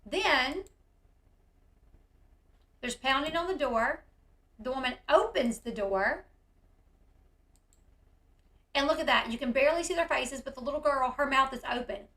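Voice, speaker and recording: A woman hosting casual commentary on a video, talking in an animated way and acting out the yelling she describes. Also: sits high, measured pace, pauses often, roomy sound. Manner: animated, reacts loudly, acts out quoted yelling. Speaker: commentary host.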